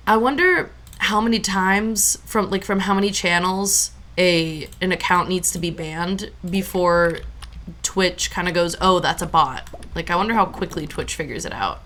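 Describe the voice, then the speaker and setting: A woman's voice: medium pitch, unhurried, a bit bright. A young adult woman streaming a farming game, chatting casually in a rambling way with lots of fillers.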